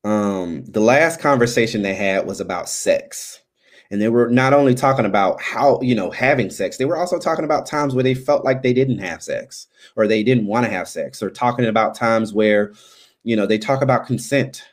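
A man's voice: on the low side, lively intonation, normal speed. A man hosting a live stream, chatting loosely as he signs off, with many ums and restarts. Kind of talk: casual live stream sign-off chat.

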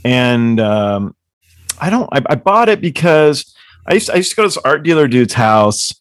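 A man's voice: medium pitch, big pitch swings, moderate pace, dry recording, studio quality. A man telling rambling, profane stories as the author guest on a casual book club chat. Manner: rambling, profane, laughing storyteller.

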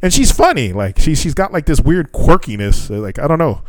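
A man's voice: a little high, sing-song, normal speed, a little mellow, no room sound. A man co-hosting a podcast in loose, casual chat, swearing freely and laughing often. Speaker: podcast co-host.

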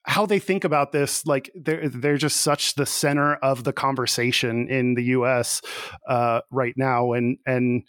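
A man's voice: medium pitch, steady tone, measured pace, fairly bright tone, dry recording, clean studio sound. A man hosting a podcast in casual chat, rambling and searching for words with many fillers. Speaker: podcast host.

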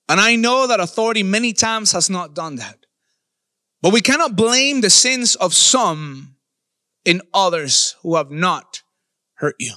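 A man preaching a sermon as pastor, emphatic, stretching key words and bursting into shouts. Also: high voice, no echo, studio quality.

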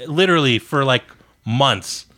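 A man co-hosting a podcast, telling a workplace anecdote in a loose, animated way. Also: mid-range voice, measured pace. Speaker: podcast co-host. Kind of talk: casual storytelling chat.

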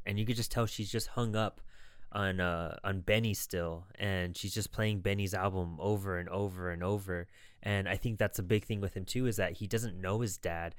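Low-voiced man on a podcast, dry sound. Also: moderate pace, clear, resonant tone, no echo. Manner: thoughtful, relaxed retelling with acted quotes. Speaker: podcast co-host. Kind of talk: casual chat.

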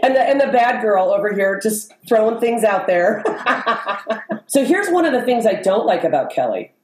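A woman hosts a casual conversation, bubbly and animated as she tells stories and laughs along the way. Her voice sits in the middle of the range for a woman. The recording has a roomy echo around it. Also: medium pitch, normal speed. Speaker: podcast host. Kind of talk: casual chat.

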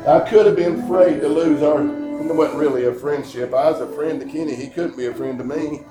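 A man preaching an earnest sermon at a church service, telling stories and slowing down to read scripture. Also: on the high side, fairly even intonation. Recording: echoey church room with music behind.

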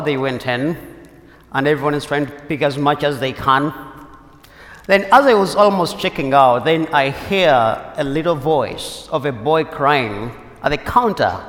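A man's voice: fairly high pitch, fairly bright tone. Man preaching a story-filled homily in an echoey church. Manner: conversational storytelling with pauses and restarts. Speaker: priest.

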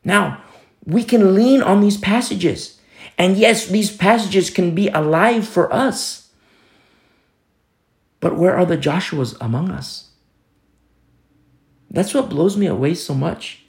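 A man's voice: sits high, lively intonation, slow, vocal fry, long pauses. A man preaching a sermon, stressing points by repeating phrases and telling stories with casual asides. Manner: storytelling asides with fillers.

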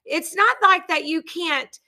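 A middle-aged woman hosting a podcast in loud, animated casual chat, laughing often. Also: extremely high pitch, unhurried. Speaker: podcast host.

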